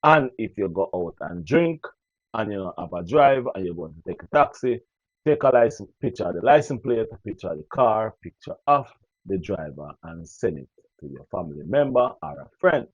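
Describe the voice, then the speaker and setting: A Jamaican man vlogging to his viewers in casual patois, animated and preachy, often repeating phrases. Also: fairly low pitch, normal speed, no room sound. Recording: dull lo-fi dry recording.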